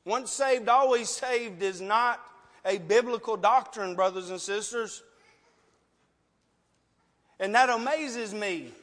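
A male preacher delivering an emotional, sometimes loud sermon full of pleading rhetorical questions and an altar call. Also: sits high, slow pace, long pauses. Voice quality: passionate, emotional, loud at times. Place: church sanctuary. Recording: long reverb of a large hall.

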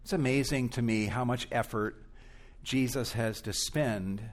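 A man preaching a sermon in a deliberate, reflective manner. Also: medium pitch.

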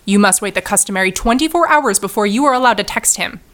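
A young woman in a comedy sketch, playing her own dry, bossy, logical side in a deadpan way. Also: mid-range voice, quick pace. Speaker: comedic performer.

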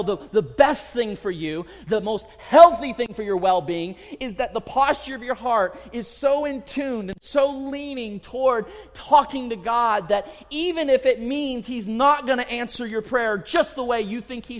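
A man's voice: very high-pitched, lively intonation, normal speed. A man in his thirties preaching a sermon to a congregation, talking casually and acting out quotes with rising emphasis. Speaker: pastor. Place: church sanctuary. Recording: long hall reverb.

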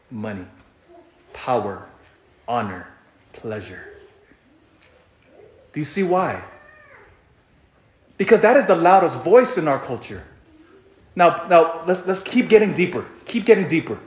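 A man giving a sermon as a priest, animated and full of rhetorical questions, often repeating himself. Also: sits high, reverberant. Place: church.

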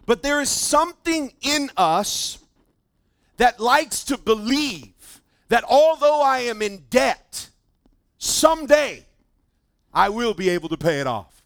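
High-pitched pastor guy preaching, gets loud then drops quiet, dry close sound. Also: slow, no echo. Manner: animated, swings from loud emphasis to quiet asides. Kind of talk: sermon.

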